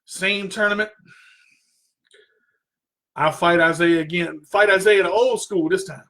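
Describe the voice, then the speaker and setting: A talk radio host with a high, sharp voice speaks a little slowly as he earnestly tells a personal story. He repeats himself, and his voice strains when he gets worked up.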